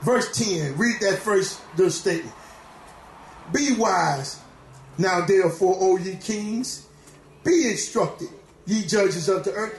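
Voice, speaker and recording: A man preaches a fiery sermon, his voice pitched very high and breaking into shouts and hallelujahs. The church room around him rings with echo, with a faint hum of ambience behind. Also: sing-song, unhurried, pauses often. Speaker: pastor.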